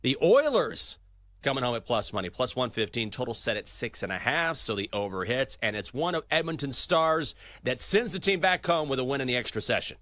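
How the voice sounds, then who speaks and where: A man's voice: medium pitch, big pitch swings, fairly quick, bright, forceful tone, no room sound. A man hosting a sports betting talk show, swinging between hype and dry asides as he reads scores and odds.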